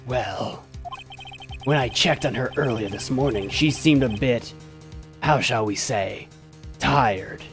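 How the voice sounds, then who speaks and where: A man doing a low, slow, polite kidnapper. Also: soft background music. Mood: silkily menacing. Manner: slow, low, mock-courteous. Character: menacing, overly polite male kidnapper.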